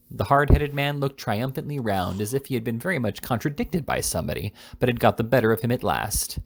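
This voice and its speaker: A man narrating a classic novel as an amateur audiobook reader, steady with small stumbles. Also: medium pitch, brisk, vocal fry, few pauses.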